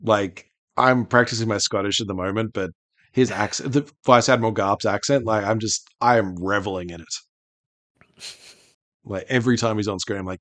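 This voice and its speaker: Low-voiced man chatting casually. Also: brisk, a bit bright, no room sound. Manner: chatty, swears casually, laughs often. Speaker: podcast co-host. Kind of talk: casual chat.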